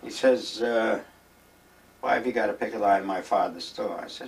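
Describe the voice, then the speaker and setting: A man's voice: on the low side, moderate pace, vocal fry, far from the mic, rough recording. An older man being interviewed, reminiscing in a rambling, emphatic way and acting out the dialogue of his old stories. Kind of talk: reminiscing storytelling. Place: retirement village home.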